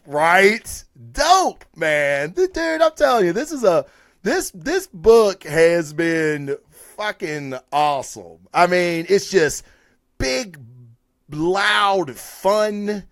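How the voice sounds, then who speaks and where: A man casually reviewing comic books. He talks excitedly, swears freely and hypes what he reads. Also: a little high, no echo, clean studio sound.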